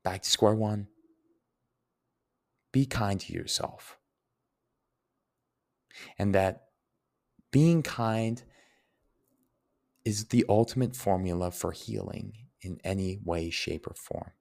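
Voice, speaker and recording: Young guy doing a q&a, deep voice with some fry, earnest heartfelt talk. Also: takes it slowly, pauses often, darkish tone. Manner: earnest, heartfelt, explains word origins. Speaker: host answering listener questions. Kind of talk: reflective Q&A monologue.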